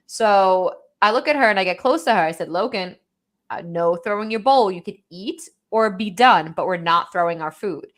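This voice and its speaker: A young woman talking casually on a live podcast, retelling a story about her toddler. Her pitch sits mid-range. She strings the story together with frequent "like"s and acts out what was said. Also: normal speed. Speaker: podcast co-host. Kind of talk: casual chat.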